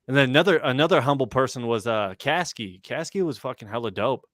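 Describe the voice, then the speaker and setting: A man's voice: medium pitch, lively intonation, fairly quick, a bit bright, no echo, studio quality. A young man on a casual livestream chat, telling stories in a laid-back, slangy way full of "like" and swearing. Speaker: rapper and guest.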